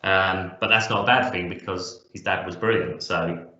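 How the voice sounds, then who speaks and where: Bloke co-hosting a music countdown, cracks jokes, sharp bright tone, roomy muffled sound. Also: male voice, low-pitched, fairly even intonation, normal speed. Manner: jokey, enthusiastic, laughs easily. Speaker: podcast co-host. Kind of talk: casual music chat. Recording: echoey, dull lo-fi room.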